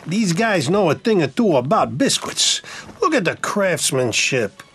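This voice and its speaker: A man voicing a smooth-talking male mafioso panda from a biscuit ad. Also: fairly high pitch, sing-song, measured pace, a bit bright, a little hiss or hum, voice pushed up, heavily acted. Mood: boastful. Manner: boastful, mobster swagger.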